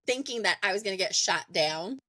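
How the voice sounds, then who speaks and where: A woman's voice: medium pitch, expressive, a little fast, sharp tone, dry recording. A woman in her thirties, a podcast guest, casually telling a story, laughing often and acting out what people said. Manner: laughs often, acts out conversations.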